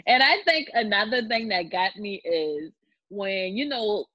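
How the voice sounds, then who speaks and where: A woman's voice: medium pitch, measured pace, no room sound. A woman talking casually and expressively, swearing and acting out her own reactions. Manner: expressive, profane, acts out reactions. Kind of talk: casual chat. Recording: dry, dull lo-fi sound.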